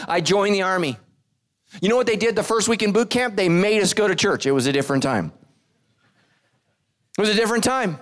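Man, middle-aged pastor, high voice, lively sermon, acts out quotes. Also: brisk, pauses often.

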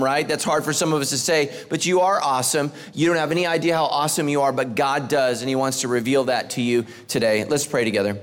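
A man in his forties preaching a humorous sermon as pastor. He jokes with the congregation, climbs to near-shouts on punchlines, and drops low and soft when he prays. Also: brisk, hardly any pauses. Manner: animated, joking, rising to near-shouts on punchlines.

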